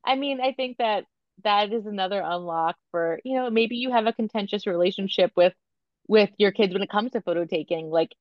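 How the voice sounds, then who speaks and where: A woman in her thirties, a photographer and coach, talking candidly in an interview, animated and full of filler words. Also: medium pitch, brisk, no room sound, highs cut off. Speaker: podcast guest, photographer and coach.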